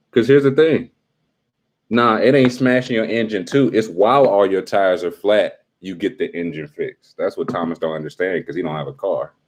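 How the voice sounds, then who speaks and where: A man's voice: low voice, darkish tone. A young adult man hosting a casual live stream, teasing and talking straight to his chat in slangy speech.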